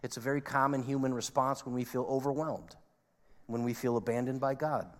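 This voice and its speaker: Male pastor, mid-pitched, earnest sermon delivery, big hall reverb. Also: fairly quick. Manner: earnest, swings between emphatic peaks and quiet asides. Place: church sanctuary. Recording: long reverb of a large hall.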